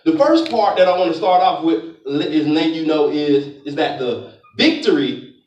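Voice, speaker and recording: A young man delivers a motivational talk from an auditorium stage, his high voice climbing and dropping with lively energy. He keeps calling out to the audience the way a preacher would. The hall echoes around him, and he sounds a bit distant from the mic. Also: normal speed, lo-fi sound. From Florida, US. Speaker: motivational speaker. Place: large conference auditorium.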